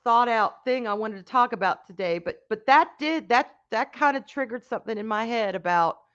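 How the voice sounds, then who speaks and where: A woman chats frankly on a casual livestream, now and then breaking into loud, excited greetings for her viewers. Her voice sits a little high and sounds bright and tense. The audio is dull and lo-fi. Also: moderate pace. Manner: frank, swears casually, reads chat aloud. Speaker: livestream host chatting with viewers.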